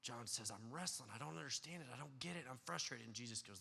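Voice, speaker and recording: A male pastor preaching a sermon, earnest, dropping to a hush and then rising loud and excited. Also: medium pitch, fast talker, creaky, hardly any pauses, breathy edge. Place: church sanctuary. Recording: church hall with long reverb.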